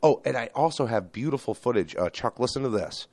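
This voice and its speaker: A New man hosting a loose, profane podcast. He talks excitably and jumps between tangents. The sound is dry and close. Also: mid-range voice, brisk, no room sound. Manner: animated, excitable, swears a lot. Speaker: podcast host. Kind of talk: casual profane podcast banter.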